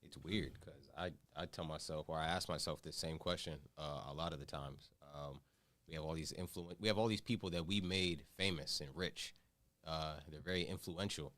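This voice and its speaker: Deep-voiced man, hesitant and thoughtful. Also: normal speed, fairly bright tone. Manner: thoughtful, hesitant, many fillers. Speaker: podcast co-host. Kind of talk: casual discussion.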